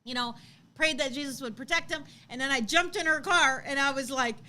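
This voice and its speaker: Woman in her 30s, chatty co-host, bright voice a bit high, acts out every quote, light noise behind. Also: a little fast. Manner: animated storytelling, acts out quotes, laughs often. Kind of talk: casual live-stream chat.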